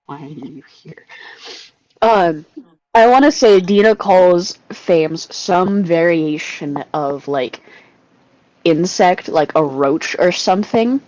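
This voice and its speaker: A woman's voice: lowish voice, takes it slowly, a little mellow, no room sound, low-quality recording. A woman co-hosting a casual group podcast, talking bluntly and swearing freely. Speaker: podcast co-host.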